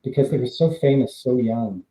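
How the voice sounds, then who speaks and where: A former stunt double with a warm, mid-range voice talks at a moderate pace, rambling through casual live-stream anecdotes, with fillers and laughter between lines. The recording is rough and reverberant.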